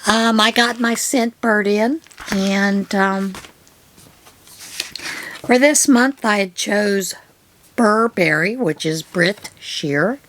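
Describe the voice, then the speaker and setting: A middle-aged woman hosting her own yarn channel, chatting through her mail in an unhurried, rambling way with many pauses and fillers. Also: medium pitch, fairly bright tone. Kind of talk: casual unboxing chat.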